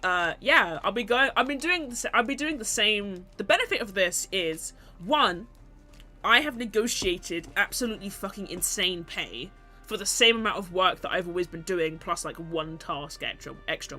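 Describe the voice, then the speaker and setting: A woman chatting casually on a stream, rambling and laughing at herself. Her voice is bright and her pitch swings a lot. Soft music plays faintly behind her. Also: expressive, moderate pace. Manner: rambling and self-mocking, often laughing.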